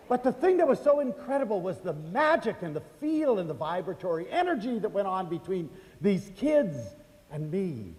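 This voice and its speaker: An older man from the United States telling personal stories to an audience, chatty and animated, acting out the voices of the people in them. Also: high-pitched, normal speed. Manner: animated, acts out quoted voices, chatty fillers. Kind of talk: storytelling lecture to an audience. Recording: hall reverb.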